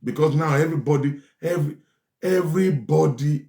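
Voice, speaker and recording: A man giving forceful relationship advice, often repeating his lines for stress. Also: medium pitch, lively intonation, normal speed. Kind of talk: preachy advice talk. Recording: echoey room.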